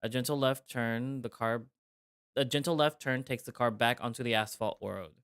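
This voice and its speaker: A man reads a visual novel aloud on a live stream, narrating in the first person. His voice sits at an ordinary middle pitch. He breaks off now and then for casual, joking remarks. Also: moderate pace, fairly bright tone, smooth, no echo, clean studio sound.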